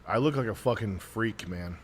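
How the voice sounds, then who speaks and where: A man in his forties, congested, rambling through deadpan jokes while chatting casually on a livestream. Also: on the low side, moderate pace, a little hiss or hum. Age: 40s. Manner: rambling, deadpan jokey banter. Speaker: streamer.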